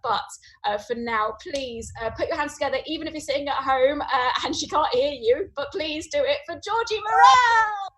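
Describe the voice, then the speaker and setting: A woman's voice: sits high, a little fast, hardly any pauses, fairly bright tone. A woman hosting a comedy show, introducing the next act in a chatty, hesitant way. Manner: chatty and hesitant, many fillers.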